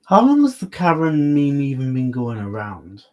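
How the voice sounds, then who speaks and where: A man's voice: medium pitch, wildly swooping pitch, moderate pace, darkish tone, dull audio. A man hosting a casual livestream chat, laid-back and easygoing. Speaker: livestream host.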